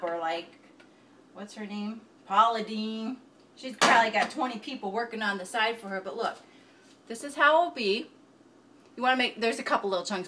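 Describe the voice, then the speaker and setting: A woman giving a casual, rambling cooking demonstration in her home kitchen, talking straight to the viewer. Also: a little high. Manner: chatty, rambling, self-deprecating. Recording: distant mic with clear background noise.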